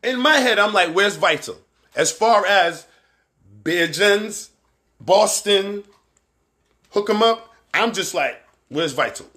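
A Barbadian-accented man hosts his own livestream in loose, rambling talk that is full of swearing and greetings to viewers. His voice sits a little high for a man and comes across bright and forceful. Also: slow pace, pauses often. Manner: candid, profane, rambling, shouts out viewers by name. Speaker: host of a livestream show. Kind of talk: casual live-stream commentary.

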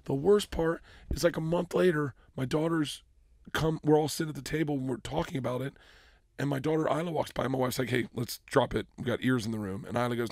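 A man in his forties, a comedian guest on a podcast, telling a story with acted-out dialogue, loud bursts of laughter and plenty of swearing. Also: mid-range voice, a little fast, no room sound, clean studio sound. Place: podcast studio.

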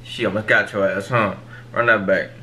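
A man's voice: fairly low pitch, steady tone, moderate pace. A young man hosting a music reaction video, talking in casual, profane street slang and cutting in over the song.

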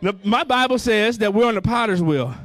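A man's voice: high-pitched, lively intonation, brisk, a bit bright, no room sound. A male pastor preaching a fervent sermon, repeating phrases and calling out to the congregation.

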